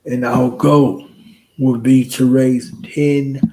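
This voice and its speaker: A man's voice: mid-range voice, flat delivery, slow, darkish tone, rough recording. A man hosting a casual late-night livestream chat, joking around in a playful, laid-back way. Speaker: host.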